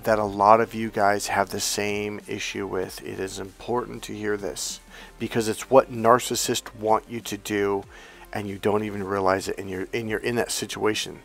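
Gravelly low-voiced man telling a story. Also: normal speed, faint music behind. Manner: energetic and earnest, with rambling restarts. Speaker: dating and relationship coach. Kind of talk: unscripted off-the-cuff storytelling.

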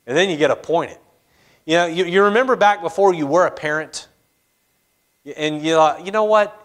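A man preaching a sermon in a church, his voice sitting a little high for a man. He talks casually with his congregation, full of fillers and quick acted asides. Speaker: pastor. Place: church sanctuary.

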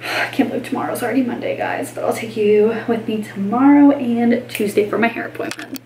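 A woman's voice: a little high, brisk, warm tone, roomy sound, distant mic, slight background noise, rough recording. A pregnant woman in her twenties, chatting casually in a vlog, gushing over baby clothes with lots of fillers. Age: 20s. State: pregnant, tired. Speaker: vlogger.

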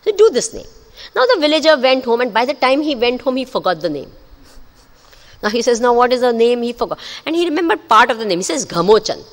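Animated, high-pitched woman teacher delivering a spiritual discourse, her voice swinging widely as she tells stories. She keeps checking in with listeners. The sound rings with a long hall echo. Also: quick pace. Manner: animated storytelling, checks the audience. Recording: echoey hall.

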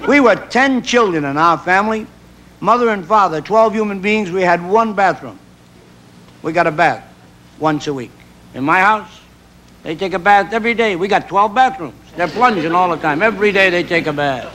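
A middle-aged man telling a folksy comic story as a stand-up monologue, stammering when excited. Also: high-pitched, moderate pace. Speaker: comedian guest. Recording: live TV audience, noisy old broadcast. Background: audience laughter.

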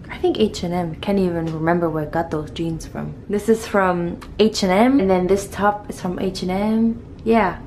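A woman's voice: mid-range voice, a little mellow, a little hiss or hum. A young woman working as a flight attendant, chatting casually in a rambling, giggly vlog style. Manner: chatty, rambling, laughs often.

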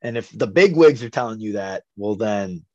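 A man's voice: fairly low pitch, expressive, moderate pace, dark tone, no echo. Young guy, boxer rambling and swearing on a podcast, dry dull-ish audio. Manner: blunt, profane, rambling storytelling. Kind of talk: casual interview chat.

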